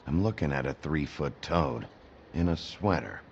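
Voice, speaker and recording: A gruff wolf sheriff in human form in a video game, very deep and gravelly, blunt and stern. His pitch still moves a fair amount. The sound is dull and lo-fi with faint ambience behind. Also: lively intonation, unhurried, heavily acted.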